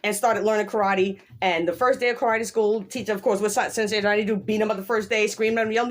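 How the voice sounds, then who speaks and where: A woman talking casually through a show recap, with a mid-range voice. She is animated and emphatic, slipping into quick quoted voices and laughing often. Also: mid-range voice. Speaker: show reviewer.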